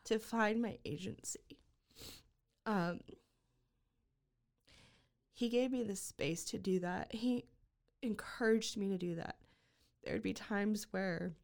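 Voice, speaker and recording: Earnest woman with a gravelly edge. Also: medium pitch, darkish tone. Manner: earnest, halting, many fillers and restarts. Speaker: podcast guest. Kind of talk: emotional personal storytelling.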